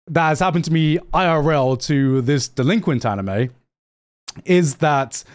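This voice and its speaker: High-voiced profane streamer. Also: male voice, unhurried. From United Kingdom. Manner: profane, rambling storyteller. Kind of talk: casual stream commentary.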